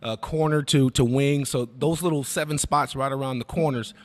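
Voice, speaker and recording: A man on sports radio breaking down guards' play and telling lively stories from his playing days, acting out what coaches and teammates said. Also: medium pitch, moderate pace, long reverb tail. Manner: animated storyteller who acts out quotes. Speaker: radio basketball analyst. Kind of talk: sports radio analysis and storytelling.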